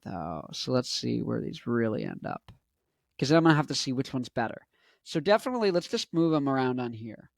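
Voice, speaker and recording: A man in his twenties chatting casually and excitably on a video, joking and breaking into snatches of song. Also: mid-range voice, vocal fry, no echo, clean studio sound. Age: 20s. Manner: excitable, jokey, sings snatches and does mock accents. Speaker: vlogger. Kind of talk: casual chat. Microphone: handheld mic.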